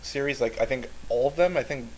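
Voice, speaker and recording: A man's voice: medium pitch, brisk, a little mellow, a little hiss or hum, low-quality recording. A young man co-hosting a live-stream podcast, hedging his opinions with frequent "I don't know"s. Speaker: podcast co-host. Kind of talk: casual live-stream Q&A chat.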